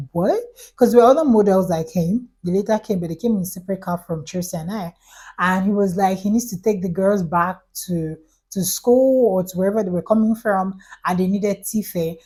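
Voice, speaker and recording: A young woman with a slightly husky voice tells a storytime for her vlog. She talks in an animated, exasperated way, acts out the lines of the people in her story, and fills her speech with "like". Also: medium pitch, low-quality recording. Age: young adult. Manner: animated, exasperated storytelling with quoted dialogue and frequent "like". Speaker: vlogger.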